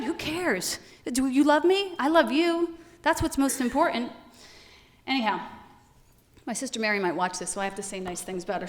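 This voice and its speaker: A woman giving a lively, conversational sermon, telling personal stories and often laughing as she quotes people. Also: high-pitched, in a large hall.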